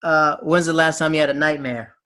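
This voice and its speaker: A man's voice: on the high side, steady tone, sharp tone. A man hosting a casual interview and asking short questions. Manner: asks short quick questions. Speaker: interview host.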